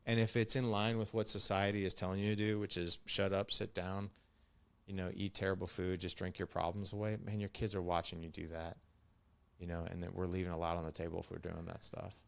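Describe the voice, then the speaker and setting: A man close to fifty speaks as a podcast guest, blunt and emphatic, often circling back and repeating words for force. His voice sits very low with a rough, gravelly texture. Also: flat delivery, brisk. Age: 40s. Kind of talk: direct conversational talk.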